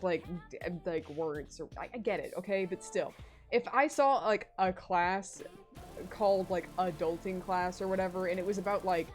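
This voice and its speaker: A young adult woman chatting casually on a livestream while drawing, swearing freely and laughing often. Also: lowish voice. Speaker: streamer drawing a webcomic.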